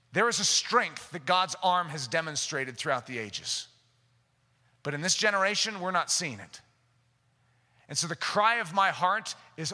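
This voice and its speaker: A man preaching a sermon, his high, sharply bright voice ringing through a long hall reverb. He talks steadily and then climbs into impassioned, shouted prayer. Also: lively intonation, a little slow.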